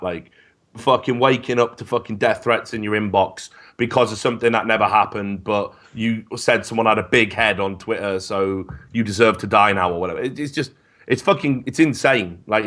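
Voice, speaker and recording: A man telling stories in casual podcast chat, animated and profane, often stammering as he starts. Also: fairly low pitch, a little fast. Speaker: esports commentator guest.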